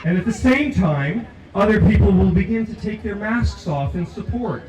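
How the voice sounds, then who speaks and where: An older man giving an impassioned protest speech outdoors, declaiming repeated lines and shouting to lead the crowd in chants. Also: sits high, expressive, moderate pace, a little hiss or hum. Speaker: protest speaker. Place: outdoor rally at a legislature. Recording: echoey, distant from the mic, loud crowd.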